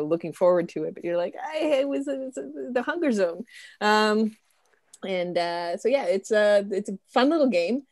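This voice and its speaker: A woman's voice: lowish voice, no room sound, studio quality. Chatty young woman hosting a game stream. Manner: chatty, giggly, many fillers. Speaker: host. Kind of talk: casual chat, introducing a game stream.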